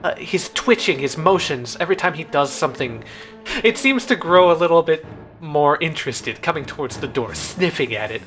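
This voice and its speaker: A man narrating a tabletop game as its game master, voicing thuds and booms as he goes. His voice is bright and a touch high, and there is faint music behind him. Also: expressive, moderate pace. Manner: dramatic narration with sound effects.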